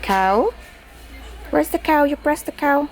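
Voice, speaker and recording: A woman showing a baby a sound book, speaking in a gentle sing-song and imitating animal noises. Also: high-pitched, lively intonation, takes it slowly, loud music behind the voice. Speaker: caregiver playing with a baby.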